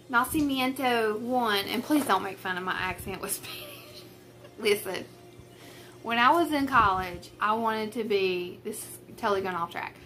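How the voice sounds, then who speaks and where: A young woman with a rural Southern US accent chats casually to camera at home about her cross-stitch projects, rambling and self-deprecating. She's a craft vlogger filming at a table on a tripod camera with a ring light, her mid-range voice carrying some background noise.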